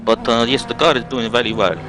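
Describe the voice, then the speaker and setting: A man faking a Russian accent as a troll posing as a racing driver, halting and crude, full of fillers. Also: mid-range voice, steady tone, over music, close to an everyday voice. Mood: deadpan. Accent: fake Russian.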